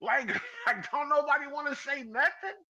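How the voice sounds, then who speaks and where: Male podcast host, bright high voice, teasing, lo-fi stream audio. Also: very animated, moderate pace. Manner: teasing, calls out listeners by name, laughs often. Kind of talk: casual live-stream chat.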